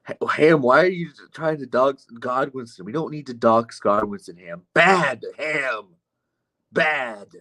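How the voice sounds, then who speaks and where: A man's voice: mid-range voice, expressive, moderate pace, hardly any pauses, a bit bright. A man streaming live, reading chat comments aloud and answering them with sardonic, profane mockery. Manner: sardonic, mocking, profane asides.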